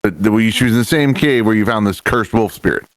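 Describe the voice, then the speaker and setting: A man's voice: on the low side, brisk, no echo, rough recording. A man in a tabletop game, pressing with suspicious questions. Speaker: tabletop player.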